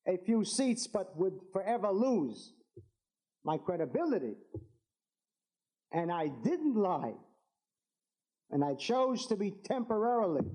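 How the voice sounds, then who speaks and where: Male rabbi addressing a rally crowd, high and very lively pitch, fervent, hammers home repeated lines. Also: rough recording. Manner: fervent, repetitive, builds to emphatic declarations. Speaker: rabbi and political speaker. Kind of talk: impassioned political speech to an audience.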